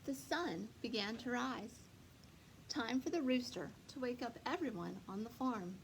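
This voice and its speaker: Librarian, woman, storytime reader; slow, lively, faint noise. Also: fairly high pitch, poor audio. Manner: slow, lively, expressive, speaks to children. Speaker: children's librarian. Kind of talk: storytime read-aloud.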